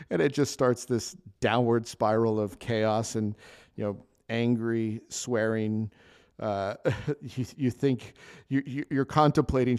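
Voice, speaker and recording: A man's voice: mid-range voice, moderate pace, darkish tone. Man rambling about kitchen life. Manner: rambling storytelling with frequent restarts and laughs. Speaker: podcast host, chef. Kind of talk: casual solo podcast monologue.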